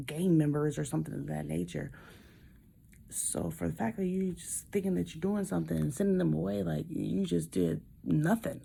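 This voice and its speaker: A woman vlogger telling a story in a casual, animated and indignant way, acting out both sides of the dialogue, recorded in a hospital room. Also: sits low, gravelly, slight background noise.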